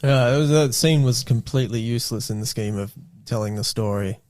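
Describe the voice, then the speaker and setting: A man's voice: medium pitch, fairly quick, a little mellow. A man co-hosting a comedy film podcast, blunt and restarting his sentences. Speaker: podcast co-host. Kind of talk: casual comedic film review chat.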